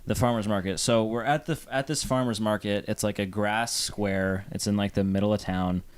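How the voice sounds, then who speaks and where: A man's voice: lowish voice, steady tone, brisk, clean tone. A young man from Phoenix, co-hosting a podcast and telling a story in a casual, rambling way with plenty of fillers. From Phoenix, Arizona. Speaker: podcast co-host. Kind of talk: casual chat.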